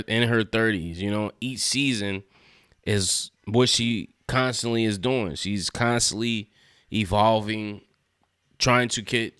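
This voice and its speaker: A man's voice: on the low side, fairly bright tone, clear, resonant tone, no echo, studio quality. A man casually reviewing and recapping a TV episode, laid-back and slangy, chuckling as he retells scenes. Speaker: TV show reviewer.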